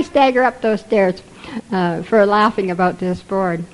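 An older Canadian woman recounts amusing recovery stories to a group, chuckling and putting on quoted voices. Her slightly mellow, medium-pitched voice moves at normal speed with few pauses, captured in a low-quality recording with slight background noise.

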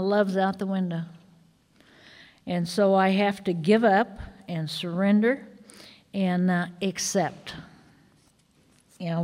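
A woman's voice: mid-range voice, a little mellow. A middle-aged woman telling her recovery story in an earnest, personal testimony with fillers and agitated stretches. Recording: reverberant hall.

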